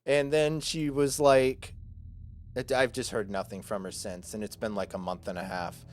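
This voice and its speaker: A man's voice: lowish voice, flat delivery, moderate pace. A man in his twenties, a streamer, chatting casually with his viewers and rambling through a self-deprecating story full of fillers.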